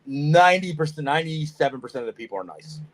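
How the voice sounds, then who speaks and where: A man's voice: on the high side, animated, fast talker. A man tells stories on a casual reptile podcast. He swears often and acts out each quote. His voice jumps around a lot as he gets worked up. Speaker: podcast co-host, snake breeder. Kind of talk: casual storytelling chat.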